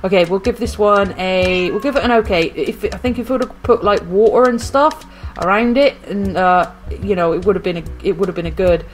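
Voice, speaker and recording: A woman's voice: mid-range voice, brisk, hardly any pauses, faint music behind. A woman commentating on her own video game play, rambling to herself and often getting flustered and panicky. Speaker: gaming video host. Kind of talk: live gameplay commentary.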